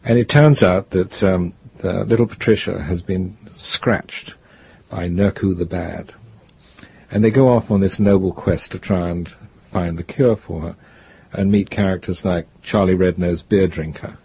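Gravelly older man, lo-fi. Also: low-pitched, steady tone, measured pace, a little mellow. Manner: rambling, reflective, restarts often. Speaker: author guest. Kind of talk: interview, storytelling.

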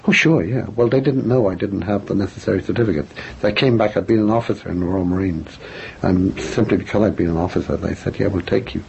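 Older English man, gravelly and low. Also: fast, a little mellow. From England. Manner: reflective, self-deprecating, frequent restarts. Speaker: author and guest. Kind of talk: interview answers. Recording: dull lo-fi radio recording with faint noise.

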